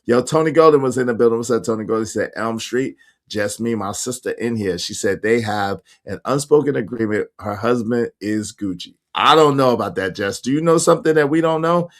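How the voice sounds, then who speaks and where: A man's voice: mid-range voice, a little fast. A man hosting a casual livestream, reading viewer comments aloud in a slangy, emphatic way with speech and frequent laughter. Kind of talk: casual chat.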